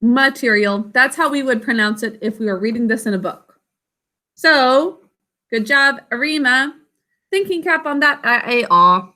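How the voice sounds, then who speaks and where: A woman teacher leading a spelling lesson, sounding out words slowly syllable by syllable and calling on students by name. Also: sits high, bright, forceful tone. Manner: slow, deliberate dictation, sounding out words syllable by syllable.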